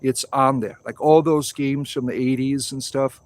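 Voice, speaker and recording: A man's voice: medium pitch, steady tone, normal speed, a little mellow. A man in his forties hosting a casual livestream outdoors, rambling through viewer comments and swearing freely. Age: 40s. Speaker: livestream host.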